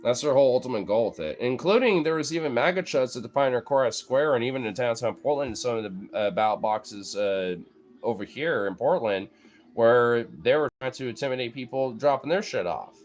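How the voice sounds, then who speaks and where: A man's voice: mid-range voice, animated, a little fast, soft background music. A man giving a heated, profane, rambling political rant in casual chat, talking straight to his viewers as a streamer.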